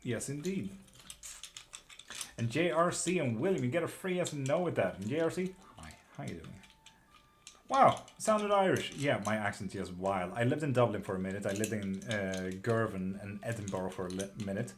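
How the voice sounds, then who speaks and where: Answering viewer questions during a live tarot stream, a man from Sweden keeps things relaxed, cursing casually and laughing a lot. He has a lowish voice with lively intonation and a moderate pace, and keyboard clicks come through clear background noise.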